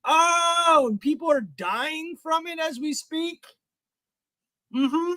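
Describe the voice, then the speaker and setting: A man hosting a live stream, ranting in a heated, profane way and often shouting. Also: very high voice, takes it slowly, no room sound. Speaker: livestream host. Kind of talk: profane live reaction rant.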